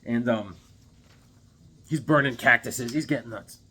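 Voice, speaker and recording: A man's voice: medium pitch, measured pace, pushed and bright, breathy edge. A man casually recapping a comic series, rambling and chatty, often checking in with the listener.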